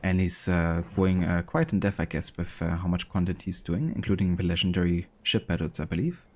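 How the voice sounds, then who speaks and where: Man, German accent, deep low voice, laid-back streamer banter, chatty. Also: a little fast. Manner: relaxed and chatty, with easy laughs. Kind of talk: casual gameplay chat with viewers.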